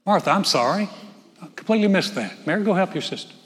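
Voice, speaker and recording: A man's voice: high voice, expressive, quick pace, a bit bright, in a large hall, voice pushed up. A man doing a flustered apologetic man. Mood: sheepish.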